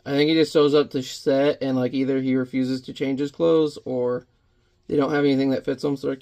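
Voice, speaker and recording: A man's voice: mid-range voice, level tone, brisk, warm tone. A man chatting casually while he paints in watercolor, rambling and muttering to himself as he works.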